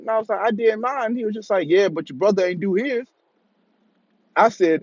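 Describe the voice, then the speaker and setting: A man talks through a personal story in a loose, casual monologue, swearing freely and slipping into the voices of the people he quotes. His voice sits a little high for a man. The sound is muffled and lo-fi, with no room echo. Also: normal speed. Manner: profane, animated, acts out quoted voices. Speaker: vlogger. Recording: dull lo-fi dry recording.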